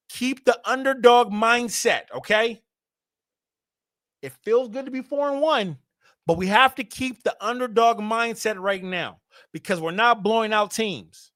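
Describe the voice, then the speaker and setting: A young man hosting a sports fan livestream, animated and hyped, talking straight to his chat. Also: high voice, moderate pace, no echo, clean studio sound. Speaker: fan show host.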